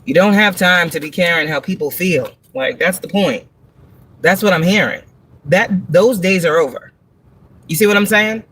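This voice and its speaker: A woman's voice: fairly low pitch, moderate pace, a bit bright, breathy edge. A woman giving a live tarot reading, blunt and profane, talking emphatically with frequent laughs and rhetorical questions. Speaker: tarot reader on a livestream.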